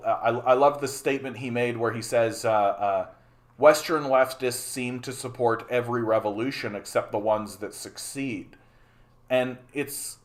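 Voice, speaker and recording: A man hosting a political livestream. He talks in a heated, profane way, repeats himself and stumbles over restarts. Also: mid-range voice. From Canada. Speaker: livestream host.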